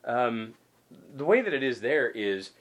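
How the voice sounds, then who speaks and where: A man's voice: medium pitch, sing-song, measured pace. A man preaching a conversational sermon as pastor, emphatic and folksy, repeating his points with casual asides.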